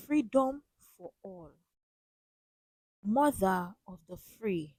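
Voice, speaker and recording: Woman, reaction host, emphatic, repeats herself, middle pitch, dry close sound. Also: measured pace, a little mellow, dry recording, poor audio. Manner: emphatic, repeats key phrases. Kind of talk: casual commentary.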